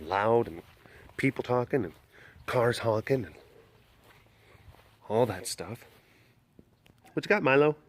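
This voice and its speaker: A man vlogging from an outdoor animal compound in the country, casually chatting and cooing at the cats in a high, playful voice. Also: animated, unhurried, pauses often, breathy edge, no echo. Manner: coos at the cats in a high, playful voice and laughs often. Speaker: big cat keeper and vlogger. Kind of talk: casual vlog.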